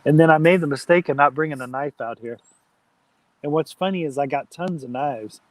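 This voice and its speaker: A man's voice: a little high, a little fast, no room sound. A man hosting an outdoor campfire live stream, chatting casually and reading viewer comments aloud. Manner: chatty, reads chat aloud, friendly shout-outs.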